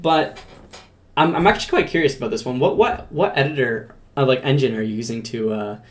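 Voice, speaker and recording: A man's voice: mid-range voice, brisk. A male podcast host in casual chat with a small game team. He talks loosely, restarts his questions, and laughs often. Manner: laughs easily, rambling questions.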